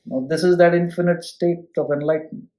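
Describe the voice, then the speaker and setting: A man's voice: fairly high pitch, steady tone, brisk, dark tone. Man teaching scripture, echoey room. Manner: explains with homely examples and asks listeners "hmm?". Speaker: spiritual teacher. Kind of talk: scripture lecture.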